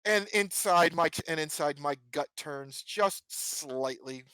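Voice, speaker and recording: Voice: medium pitch, a little slow, a bit bright, a little hiss or hum. A player in a tabletop game, earnestly describing their character's actions. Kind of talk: casual tabletop game chat.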